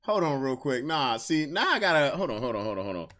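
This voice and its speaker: A man's voice: mid-range voice, sing-song, fast, fairly bright tone. A man hosting a podcast stream, tipsy, chatting loosely in slang while fiddling with a guitar. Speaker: podcast host. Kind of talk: casual livestream chat. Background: guitar strumming.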